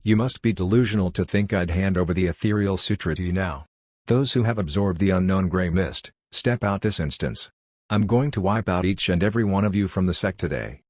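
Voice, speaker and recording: A stern old master of a sect, proud and grave, voiced by a man. The voice is very deep and the sound dry, close to the mic. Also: brisk, darkish tone, no room sound.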